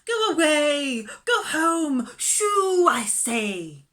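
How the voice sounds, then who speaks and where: Woman doing Miss Lark, shrill fussy lady. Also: lively intonation, slow pace, pushed and bright, full character voice. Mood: scolding. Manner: shrill, wailing and tearful. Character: fussy haughty lady doting on her dog.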